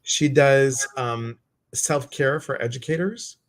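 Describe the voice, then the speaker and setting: A man with a Chicago accent hosting a relaxed, chatty conversation with a guest. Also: medium pitch, slow. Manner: relaxed, chatty, reads out viewer comments. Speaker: host. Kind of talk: casual live-stream chat.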